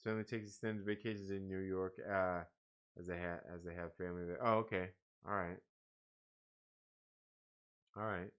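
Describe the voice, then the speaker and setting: A man's voice: low voice, little pitch movement, normal speed, pauses often, a bit bright, clean tone. A tired man hosting a casual live stream, reading out viewer comments and chatting in a rambling, profane way with frequent laughs. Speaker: livestream host.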